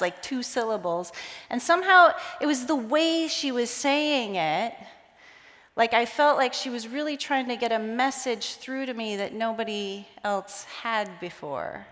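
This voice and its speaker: Animated woman speaker in a reverberant hall. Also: fairly high pitch, moderate pace. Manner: animated, acts out quoted dialogue. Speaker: conference speaker. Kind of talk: storytelling keynote talk. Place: large conference hall.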